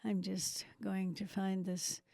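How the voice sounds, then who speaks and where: A woman's voice: mid-range voice, little pitch movement, takes it slowly, creaky, warm tone, no room sound. A woman in her seventies from New Zealand, with a faint New Zealand accent, telling her life story as an interview guest with self-mocking asides. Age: 70s. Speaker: guest missionary. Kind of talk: testimony interview.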